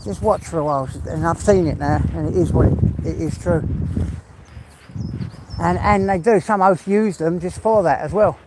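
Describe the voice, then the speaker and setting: An Englishman hosts a casual outdoor livestream, walking and chatting in a rambling, down-to-earth way while slightly out of breath. His voice is high-pitched at a moderate pace, with a noisy background.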